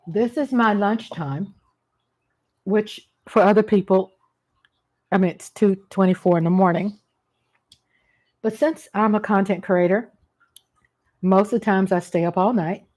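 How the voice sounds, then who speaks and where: A slightly mellow, mid-range female voice, a little slow and marked by long pauses. The middle-aged food vlogger sits eating at a table at home in a casual mukbang chat, rambling homily about family cooking and restarting frequently.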